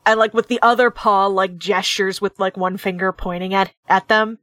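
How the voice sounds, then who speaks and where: A woman playing a tabletop game, giggly and animated as she describes her character. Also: mid-range voice, normal speed, hardly any pauses, dry recording. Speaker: player. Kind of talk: tabletop game play, laughing chat.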